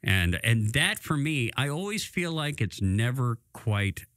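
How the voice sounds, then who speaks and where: A man's voice: mid-range voice, big pitch swings, measured pace, a bit bright, no room sound, clean studio sound. A middle-aged man co-hosting a recovery talk radio show, speaking candidly and confessionally with many fillers. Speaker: co-host.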